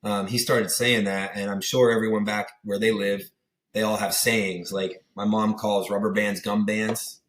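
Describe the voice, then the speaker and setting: A man's voice: on the low side, flat delivery, a little slow, fairly bright tone, reverberant. Rambling young man telling stories. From Pittsburgh area, USA. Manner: rambling storyteller, acts out quoted voices, many fillers. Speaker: podcast guest. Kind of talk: casual interview chat.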